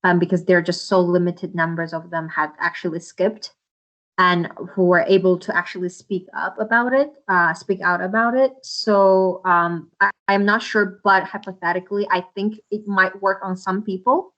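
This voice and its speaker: A woman's voice: fairly low pitch, fairly even intonation, moderate pace, a bit bright. Impassioned woman guest, muffled audio. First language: Uyghur. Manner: impassioned, with many restarts and fillers. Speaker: interview guest. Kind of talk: earnest interview answers.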